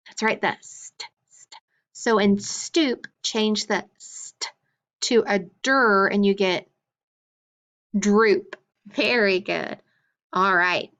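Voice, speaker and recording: A woman's voice: medium pitch, sharp tone, clean tone, muffled recording. A woman teaching a phonics lesson, sounding out letter blends and praising each answer patiently. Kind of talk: slow phonics drill.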